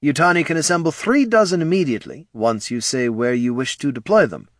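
A man's voice: a little high, lively intonation, fairly quick, dry recording, studio quality, voice pushed up, close to an everyday voice. Deferential storybook technician, male, slightly raised voice; a man voices him. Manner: formal, deferential. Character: bowing, obsequious male technician.

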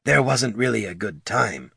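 A man voicing a calm, reserved male troll who speaks quietly and evenly. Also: on the low side, normal speed, vocal fry, breathy edge, no echo, studio quality, heavily acted.

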